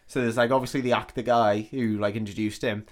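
A man talks through a film plot in a loose, rambling way, swearing freely and slipping into the characters' lines. His pitch stays flat and level throughout. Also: fast talker. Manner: sweary, rambling retelling with quoted dialogue. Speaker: podcast co-host. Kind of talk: casual film recap chat.

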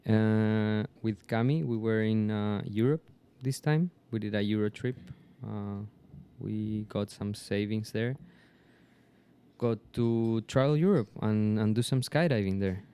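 A man whose first language is Spanish, chatting casually in English and often pausing to search for words. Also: fairly low pitch, steady tone, dark tone, smooth. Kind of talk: casual chat.

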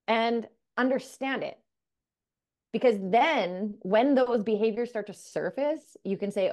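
A woman hosting a podcast explains ideas in a calm, steady way. She sums up the talk and speaks straight to the listener. Her voice sits in the middle range. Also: mid-range voice. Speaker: podcast co-host. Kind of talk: casual chat.

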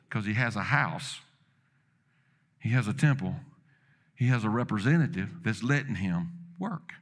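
A man preaching a sermon narrates a story with dramatic quoted dialogue, repeatedly building up to loud, emphatic moments and then bringing his voice back down.

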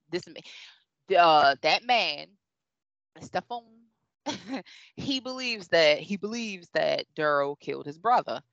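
A woman's voice: fairly low pitch, lively intonation, a little slow, a bit bright, no echo. A woman in a casual review chat, rambling, self-correcting and laughing often. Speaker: show reviewer. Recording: dull, dry sound.

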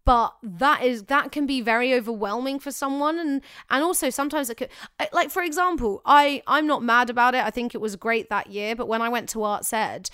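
A young woman with a bright, higher voice and a smooth, clear tone chats emphatically, doubling back on her words. She sounds dry and close to the mic. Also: brisk, hardly any pauses, no echo. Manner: chatty, emphatic, self-correcting. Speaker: podcast co-host giving acting advice. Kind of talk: casual chat.

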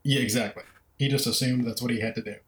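A man's voice: medium pitch, fairly even intonation, quick pace, a bit bright, echoey room, rough recording. A man co-hosting a film podcast in casual discussion, thoughtfully recounting scenes in detail. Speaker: podcast co-host.

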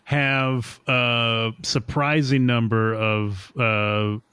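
A man's voice: medium pitch, flat delivery, drawn-out words, sharp tone, clear, resonant tone, no echo. Chatty man on a dry home mic. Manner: joking, chatty. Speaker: podcast co-host. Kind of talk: casual chat. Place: home room with clothes hung to baffle echo. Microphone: remote recording over internet.

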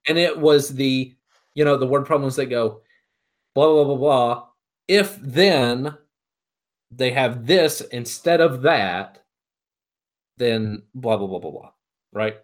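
A man chatting casually, telling animated anecdotes and mimicking the people in them. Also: medium pitch, takes it slowly, pauses often. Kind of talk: casual chat.

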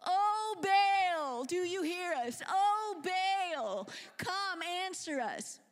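A woman voicing a crowd of frantic male pagan prophets, wailing their chant in high, loud cries. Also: animated, extremely slow, full character voice. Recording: long hall reverb.

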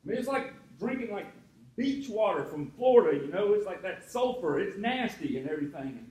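Male pastor, high voice, chatty sermon with asides, roomy echo. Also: big pitch swings, a little fast, darkish tone. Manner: conversational preaching with asides to the congregation.

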